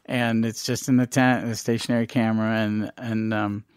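Animated storytelling man, dry close sound. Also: fairly low pitch, moderate pace, smooth, dry recording. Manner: animated anecdotes with quoted dialogue and laughs. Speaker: filmmaker guest. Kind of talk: casual interview storytelling.

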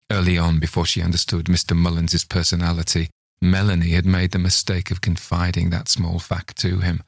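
A man reading a story aloud in a measured, unhurried narration. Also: deep voice, completely flat delivery, no room sound, studio quality. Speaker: reader of stories.

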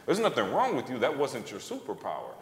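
Fairly quick and with huge pitch swings around a medium center, a man in his thirties performs a story onstage for a live audience. An author and podcast co-host, he acts out the quotes with animation, and the hall reverb sounds roomy.

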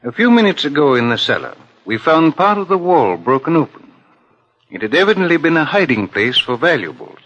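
An actor playing a calm, persistent detective asking measured questions in a 1950s radio drama. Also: male voice, on the high side. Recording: lo-fi old radio broadcast.

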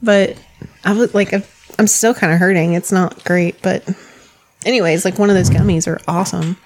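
A woman's voice: on the low side, steady tone, moderate pace, darkish tone, slight background noise. A woman in casual chat among friends, teasing and laughing often. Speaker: podcast co-host.

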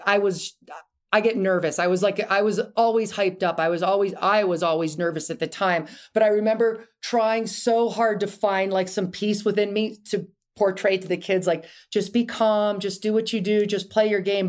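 A woman's voice: mid-range voice, moderate pace. Chatty middle-aged woman telling stories. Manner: chatty, animated, many restarts and asides. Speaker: podcast guest. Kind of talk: casual interview storytelling.

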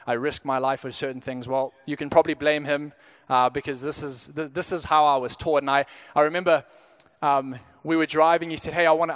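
A man's voice: fairly high pitch, fairly bright tone, clean tone. A young man from Zimbabwe, a pastor telling a personal story in a conversational sermon, often restarting his words. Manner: conversational, frequent stammered restarts.

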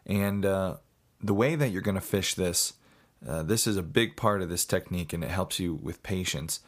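A man's voice: sits low, moderate pace. A man giving a casual, folksy how-to talk on fishing, mixing in stories. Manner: folksy, storytelling. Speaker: fishing instructor.

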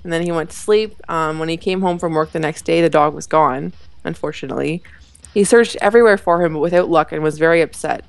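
A woman's voice: low voice, fast, vocal fry, dry recording. Chatty young woman recapping an episode. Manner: chatty, giggly, lots of fillers and likes. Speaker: podcast co-host. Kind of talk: casual chat recapping an episode.

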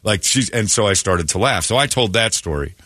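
A man's voice: lowish voice, lively intonation, fairly quick, bright, forceful tone, dry recording, studio quality. A man hosting a morning radio show, telling a rambling, self-amused story and acting out the quotes in exaggerated voices.

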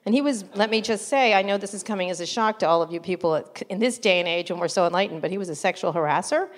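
A middle-aged woman journalist being interviewed, telling stories bluntly and with animation, laughing often. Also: on the low side. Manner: blunt, animated, quick to laugh, mimics others in anecdotes. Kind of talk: casual storytelling interview.

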